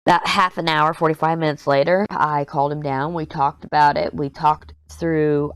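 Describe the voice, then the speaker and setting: A woman's voice: low voice, fairly even intonation, moderate pace, few pauses, clean tone, no echo. A middle-aged woman vlogger chatting casually and bluntly over a headset mic while she crafts, telling candid stories with lots of asides. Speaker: diamond painting vlogger.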